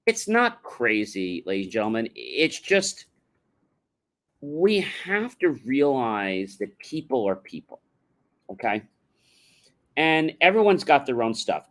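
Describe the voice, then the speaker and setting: A man's voice: medium pitch, big pitch swings, unhurried, a bit bright. A man giving a motivational livestream talk, addressing the audience directly and emphatically, sometimes chanting catchphrases. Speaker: motivational speaker.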